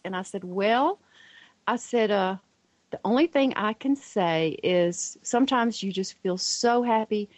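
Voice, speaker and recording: A middle-aged woman shares family stories on a radio show, lively and expressive, lifting her voice for the quoted lines. Her voice sits at a middle pitch. The recording is close and dry. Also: a little slow, dry recording, poor audio. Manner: animated storyteller who acts out the quoted voices. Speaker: radio guest.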